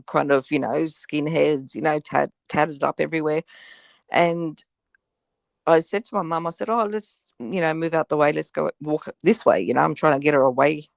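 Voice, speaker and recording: A woman tells a long personal story on a live panel, casual and loose. Her voice sits low with a gravelly rasp. The sound is dry and close, with no room around it. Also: no echo. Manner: chatty, peppered with "you know". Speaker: panel guest.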